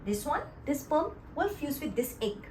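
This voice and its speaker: A woman's voice: high voice, big pitch swings, slight background noise, poor audio. A woman teaching a biology lesson, stressing key words and often checking that the class follows. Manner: slow, emphatic, checks understanding often.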